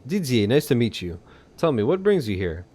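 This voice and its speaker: A man's voice: medium pitch, sing-song, normal speed, darkish tone. Man doing a jovial French biker. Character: gruff middle-aged male biker shop owner, jovial.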